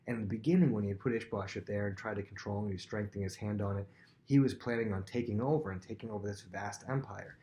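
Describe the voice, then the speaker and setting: A man with a fairly low voice teaches a Bible lesson in a relaxed, conversational way. He thinks aloud as he explains, circling back and restating his points. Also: quick pace.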